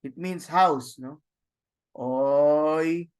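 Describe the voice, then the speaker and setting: Male teacher from the Philippines, deliberate halting delivery with frequent restarts, leading a class. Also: fairly high pitch, fairly bright tone. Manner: halting, with many restarts and tag questions. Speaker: Greek teacher. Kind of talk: online class lecture.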